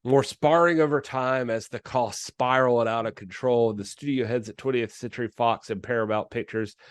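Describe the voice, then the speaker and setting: Male podcast co-host, halting and rambling, curses freely, dry close mic. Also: mid-range voice, fairly even intonation, smooth, no room sound. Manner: rambling, halting, lots of fillers and swearing. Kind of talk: casual film podcast chat.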